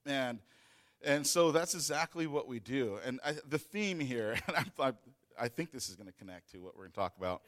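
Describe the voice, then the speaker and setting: Guy rambling thru a personal story, lots of ums and restarts, mid pitch. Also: animated, brisk, fairly bright tone. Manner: rambling, with many fillers and restarts. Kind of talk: casual storytelling.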